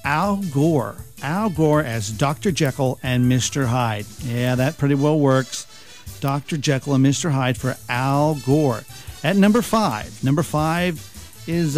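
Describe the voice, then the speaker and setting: A man's voice: fairly high pitch, a little mellow, no echo. A man hosting a talk radio countdown, chuckling and joking with mocking asides. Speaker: radio talk show host.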